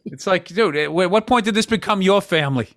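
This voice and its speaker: A comedian in his fifties with a voice a little higher than most men's. He talks bluntly and swears often, wandering off into asides as he chats. The recording is close and dry, from a studio podcast mic. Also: expressive, fairly quick, fairly bright tone, dry recording. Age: 50s. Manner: blunt and profane, rambling asides. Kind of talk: casual podcast chat.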